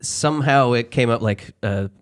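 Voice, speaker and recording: A man's voice: medium pitch, moderate pace, smooth. A man on a podcast in casual chat, telling a joking story.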